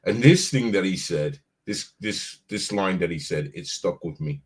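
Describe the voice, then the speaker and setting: This live stream host speaks at a normal speed in a low, slightly rough voice. The chat is casual, and he comes across as animated, laughing readily and repeating himself while he works out what to say.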